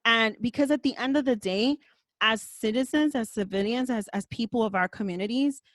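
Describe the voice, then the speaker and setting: A woman's voice: on the high side, moderate pace, no echo. A woman hosting a podcast, talking in a passionate, emphatic way and swearing now and then. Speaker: podcast host. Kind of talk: casual podcast conversation.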